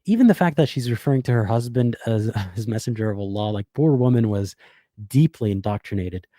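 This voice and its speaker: Blunt, sarcastic man with a warm voice. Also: fairly low pitch, expressive, no room sound, studio quality. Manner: blunt, sarcastic, swears freely; halting restarts when thinking aloud. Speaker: YouTube commentator. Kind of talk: reaction video commentary.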